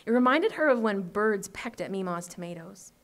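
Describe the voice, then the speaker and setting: A woman author reading her short story aloud at an open mic, in a steady, measured way. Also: mid-range voice.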